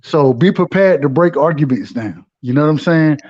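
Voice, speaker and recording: A man's voice: fairly high pitch, lively intonation, normal speed, a little mellow. A man, a regular guest on a live stream, giving advice in loose slang with frequent restarts. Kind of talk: casual live-stream chat. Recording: dull lo-fi audio.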